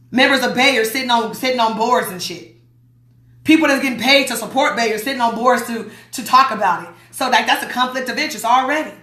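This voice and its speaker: A woman from Las Vegas, USA, hosts a livestream, reading viewer comments aloud bluntly and emphatically and repeating her warnings. Her voice is on the high side, pushed and bright, with a roomy sound.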